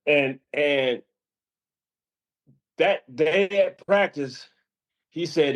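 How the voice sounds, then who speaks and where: An older man, a former college basketball player, telling stories on a call with lively jumps in pitch and frequent laughs. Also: very slow, long pauses. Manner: lively, jumps high when quoting himself, laughs often. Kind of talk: casual storytelling on a call. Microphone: remote call.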